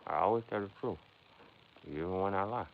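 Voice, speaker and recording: A man's voice: low-pitched, brisk. A man hosting a casual livestream, rambling and philosophizing as he talks straight to his chat. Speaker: livestream host. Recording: dull lo-fi sound with faint background noise.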